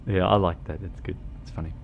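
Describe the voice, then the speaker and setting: A New Zealand man streams a game from his home setup, chatting loosely while driving in it. His voice is low and steady, quick and creaky, with phone-quality sound and a faint hum of ambience behind him. He rambles and hesitates through lots of ums and restarts, joking and poking fun at himself.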